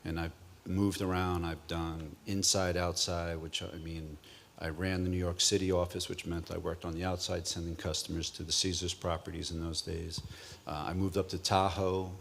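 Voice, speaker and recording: A middle-aged man with a very deep, gravelly voice talks through his work in an easygoing interview. He tells his stories casually and livens up as they go. A faint hiss of noise sits under his voice. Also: normal speed. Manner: relaxed storytelling, animated in anecdotes. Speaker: casino host executive. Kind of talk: interview on stage.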